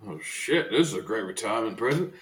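A man's voice: fairly low pitch, animated, fast talker, natural voice. A man voicing a blunt, hearty male prison guard close to retirement.

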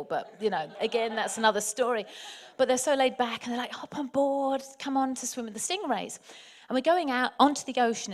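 A woman from England telling a personal story in a chatty, animated way, often turning to address her listeners directly. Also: medium pitch. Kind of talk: anecdotal storytelling.

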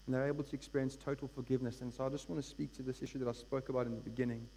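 A man's voice: mid-range voice, warm tone. A man preaching a sermon as pastor, earnest and building to emphatic peaks. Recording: long hall reverb with mains hum.

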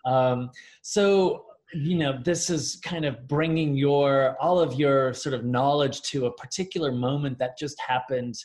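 Male host, casual interviewer, mid-pitch, hesitant restarts. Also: a little slow, a little mellow. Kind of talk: interview questions.

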